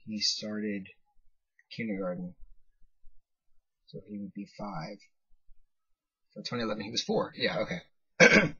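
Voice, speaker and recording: A man's voice: fairly low pitch, slightly rough, lo-fi sound. A young American man in his twenties, casually telling a rambling story to camera and stopping to work things out aloud. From United States. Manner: rambling, self-interrupting anecdote with animated quoted voices. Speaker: vlogger.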